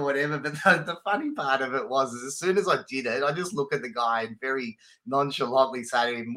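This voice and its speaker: A man's voice: medium pitch, fairly even intonation, brisk, pushed and bright. A man, a podcast co-host telling stories casually, laughing and swearing freely. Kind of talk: casual chat.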